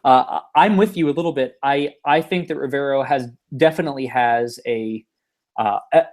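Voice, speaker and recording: A man's voice: mid-range voice, a little mellow. Rambling male sports podcast host. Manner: rambling, lots of fillers and restarts. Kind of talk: casual sports chat. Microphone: home computer mic over an online call.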